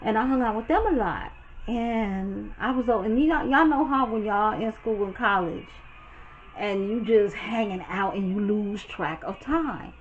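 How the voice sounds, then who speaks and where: A woman from Brooklyn, telling a story to her viewers in a chatty, animated and profane way. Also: mid-range voice, unhurried, muffled recording, slight background noise. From Brooklyn, New York. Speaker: storytime vlogger. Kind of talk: casual storytelling.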